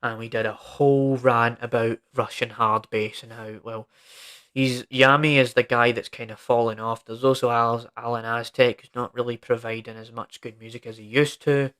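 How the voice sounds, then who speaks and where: A man's voice: medium pitch, flat delivery, moderate pace, fairly bright tone, smooth. A young man hosting his own podcast, ranting casually and emphatically, full of "like" and "right?". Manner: rambling, emphatic and informal, with frequent "like" and "right?". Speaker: podcast host. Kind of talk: solo podcast rant.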